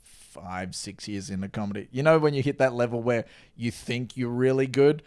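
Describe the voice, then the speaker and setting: A man's voice: mid-range voice, normal speed, clean tone. A man, co-hosting a casual comedy podcast, telling stories and acting out quotes. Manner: animated storyteller, acts out quotes.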